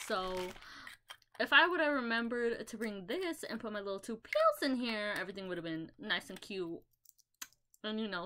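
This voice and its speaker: A woman's voice: mid-range voice, noisy background. A young woman chatting in a casual haul video, rambling with lots of fillers and the odd swear word, recorded on a laptop mic at home. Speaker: vlogger.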